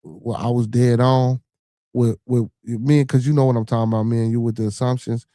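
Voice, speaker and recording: A man's voice: mid-range voice, little pitch movement, fairly quick, no room sound, clean studio sound. Rambling, profane man on a livestream. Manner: rambling, profane, full of shout-outs and fillers. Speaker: podcast host. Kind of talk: casual livestream chat.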